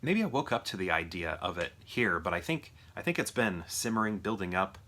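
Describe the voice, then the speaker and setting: Casting note: male movie reviewer with a deep voice, informal and rambling delivery. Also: big pitch swings, brisk, sharp tone. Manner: rambling, with many fillers and restarts. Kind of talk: casual spoken movie review.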